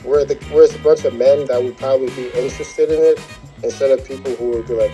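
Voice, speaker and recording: A man talking casually as a drone pilot guest in an interview, laid back but getting lively when he gives advice. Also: medium pitch, quick pace, faint music behind, low-quality recording.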